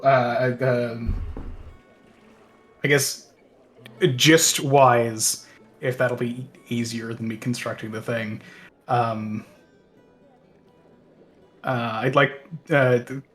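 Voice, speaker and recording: A man playing in a tabletop game, halting and thinking aloud as he works out his turn. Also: medium pitch, flat delivery, a bit bright, soft background music. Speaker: player. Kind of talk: casual tabletop play.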